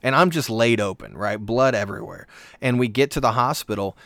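A young man telling a childhood story in a casual chat, animated and self-mocking, with quick asides. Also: medium pitch, vocal fry, no room sound.

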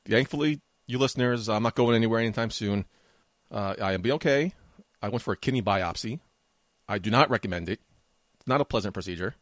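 Brief: middle-aged male podcast co-host, quick lively delivery, dry close sound, teasing. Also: fairly low pitch, no room sound. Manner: teasing, mock-offended, fast joking. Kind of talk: casual banter.

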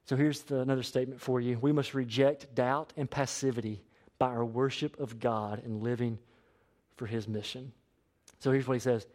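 A young man preaching a sermon as pastor, animated and asking the congregation to answer back. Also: mid-range voice, brisk. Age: young adult. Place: church sanctuary.

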